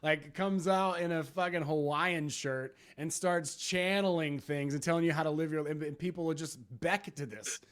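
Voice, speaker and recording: A man's voice: on the high side, fairly even intonation, moderate pace, few pauses, a bit bright. Reflective, rambling podcast man. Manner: reflective, rambling, casual swearing. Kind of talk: casual podcast conversation.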